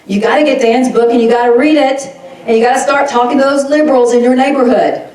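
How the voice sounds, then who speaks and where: A woman's voice: sits high, fairly even intonation, fast, a little mellow. A woman giving a folksy, fired-up political rally speech, laughing often as she talks. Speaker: rally speaker. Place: rally crowd event. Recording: echoey sound from far off.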